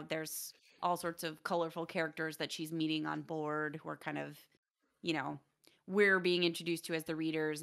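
A young adult woman chatting casually on a stream, lively and quick to laugh. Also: deep voice, gravelly.

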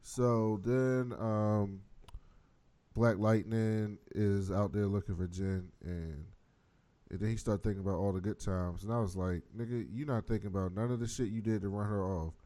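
A man's voice: lowish voice, steady tone, normal speed, mellow. A man casually recapping a TV episode, profane and laid-back, acting out the characters' lines as he goes. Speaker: podcast host.

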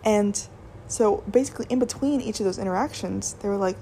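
Brisk and warm, this young woman's mid-range voice carries a chatty storytime vlog about working in retail. She rambles, leans on "like," and keeps restarting her thoughts, with slight background noise behind her.

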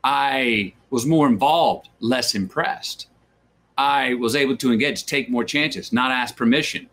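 A man's voice: medium pitch, unhurried, a bit bright. A man with a drawl talks through his stories in a loose, reflective way as an interview guest. He repeats words as he thinks and acts out the voices of the people he quotes. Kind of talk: reflective conversational storytelling.

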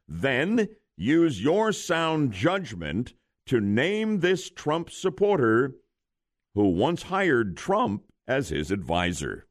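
A man's voice: mid-range voice, slow. A male morning radio host running a call-in quiz game with jokey banter. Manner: jokey, lively delivery.

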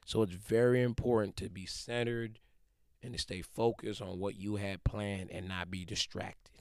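A man in his twenties giving a casual motivational talk, slangy and animated, acting out quick quoted voices. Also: lowish voice, clean tone, no room sound, clean studio sound. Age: 20s.

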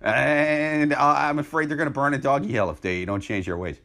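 A man on a comedy podcast trading crude, deadpan jokes in casual chat. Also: moderate pace, gravelly. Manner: deadpan, crude joking with a lively pitch.

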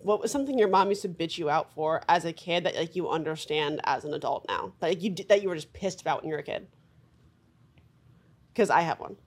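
A woman co-hosting a podcast in casual, animated chat, swearing freely. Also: sits low, fast talker, slightly rough. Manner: animated, swearing, lively quoted voices. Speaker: podcast co-host.

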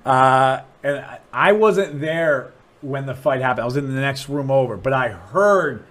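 This comedian guest from Dublin, Ohio, USA, tells a club story on a casual podcast, speaking a little slowly. He's an animated storyteller whose voice leaps high and loud when he acts out people, and he swears and restarts his sentences.

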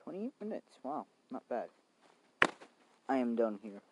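A man's voice: medium pitch, sing-song, measured pace, heavy background noise. Rambling young man recapping outdoors. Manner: rambling, swears, many fillers. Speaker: vlogger. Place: outdoors in the cold rain.

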